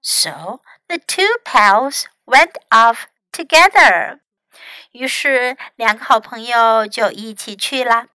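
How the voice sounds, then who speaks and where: A woman English teacher reading a children's story aloud and teaching sentences, slow and clear. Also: a little high, lively intonation, sharp tone, dry recording, low-quality recording. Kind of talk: bilingual storybook narration and lesson.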